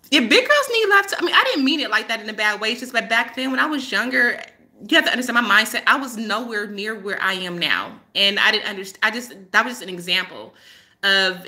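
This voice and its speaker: A woman's voice: medium pitch, pushed and bright. A woman hosting a casual live-stream chat as a spiritual healer, rambling and laughing often as she tells stories.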